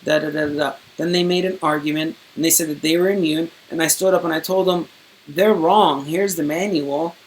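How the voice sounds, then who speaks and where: An indignant streamer talks straight to viewers in a loose, rambling monologue. The delivery is wordy and full of restarts, with casual swearing. The voice swings between loud, pushed bursts and low, trailing mutters. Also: fairly even intonation, a little fast. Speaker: streamer recounting own court case.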